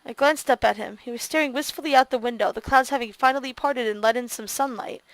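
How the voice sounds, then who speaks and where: A woman's voice: fairly high pitch, fast talker, no echo. A woman streamer reading a visual novel aloud and reacting expressively to it.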